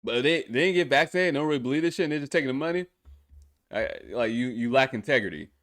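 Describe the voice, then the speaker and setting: Talking fast and expressively, a male podcast host gives a blunt, foul-mouthed reaction to a music video and keeps breaking into disbelieving laughter. His voice is medium in pitch and fairly bright, captured in a clean, dry studio recording.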